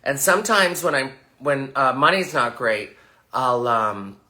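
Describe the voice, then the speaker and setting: A man performing in drag, hosting a campy livestream sales pitch with sassy, crude deadpan jokes. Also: a little slow. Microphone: phone livestream.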